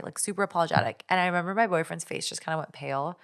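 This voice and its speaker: A young woman co-hosting a podcast, telling a story in animated casual chat, full of fillers and restarts. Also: on the low side, very fast, few pauses, clean tone. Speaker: podcast co-host.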